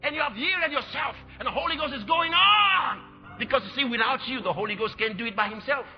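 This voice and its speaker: A man preaching a sermon, shouting and repeating his exhortations. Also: extremely high pitch, expressive, a little fast, in a large hall, faint music behind. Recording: dull lo-fi sermon recording.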